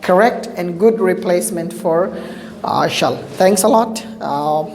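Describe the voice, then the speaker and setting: A woman's voice: lowish voice, a little slow, darkish tone. A woman teaching an English grammar lesson, explaining patiently and repeating her points, with frequent filler sounds. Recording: echoey room with faint hiss.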